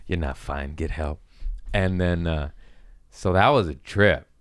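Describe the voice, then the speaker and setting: Male podcast host with a deep voice, telling profane, self-mocking stories in a casual comedic way, close and dry. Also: measured pace, clean tone, no room sound.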